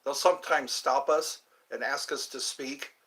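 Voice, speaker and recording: A man's voice: mid-range voice, steady tone, unhurried, a bit bright, poor audio. Rambling middle-aged man on a livestream. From United States. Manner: meandering, chatty, full of asides and restarts. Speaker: livestream host. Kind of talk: rambling live-stream chat.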